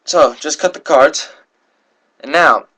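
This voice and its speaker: A man's voice: a little high, slow pace, a bit bright, slight background noise. A young man performing a card trick while telling a rambling story, often correcting himself mid-sentence. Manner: rambling, self-correcting, voices quoted people. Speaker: card magician.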